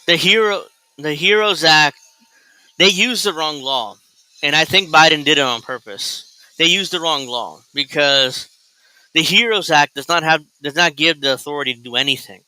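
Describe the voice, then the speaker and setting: A male host rambling through sarcastic, crude political reaction commentary. His voice is very bright and crisply clear, sitting a bit high for a man. The sound is dry and close. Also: moderate pace, no room sound, low-quality recording.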